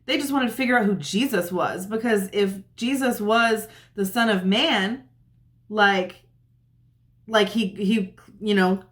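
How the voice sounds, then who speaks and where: A woman teaches a Bible lesson by retelling the story casually, in a chatty, conversational way. Her voice sits at a middle pitch, and she slips into the characters' lines as she goes. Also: unhurried. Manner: chatty, uses "like" often, acts out quotes.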